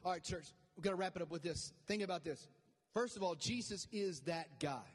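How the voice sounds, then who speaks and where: A man's voice: high-pitched, fairly quick, long reverb tail. A man preaching a sermon as pastor, conversational at first and then rising to fervent calls to the congregation.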